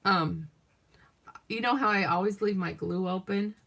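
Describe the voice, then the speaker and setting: Middle-aged Southern-born woman, craft vlogger; gravelly fry, loose and chatty, drifts between stories while she works. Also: mid-range voice, unhurried, fairly bright tone. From Southern United States. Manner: chatty, rambling storyteller, talks to viewers while working. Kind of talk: casual chat while crafting.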